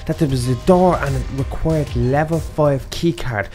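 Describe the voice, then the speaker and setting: Brief: man hosting a game role-play, high voice, panicky and urging. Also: moderate pace, darkish tone, soft background music. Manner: panicky and exclamatory, keeps urging the other player on.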